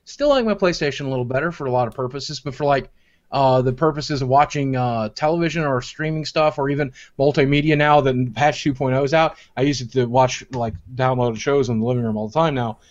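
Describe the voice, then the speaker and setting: A man's voice: medium pitch, a little fast. A man co-hosting a stream, chatting casually in a profane, joking way and telling stories. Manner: profane, joking, animated storytelling. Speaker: streamer co-host. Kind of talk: casual chat. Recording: dull lo-fi sound.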